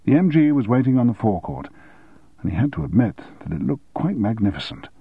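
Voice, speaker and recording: A man narrating an audiobook in a measured, even storytelling manner. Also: medium pitch, breathy edge, no room sound, phone-quality sound.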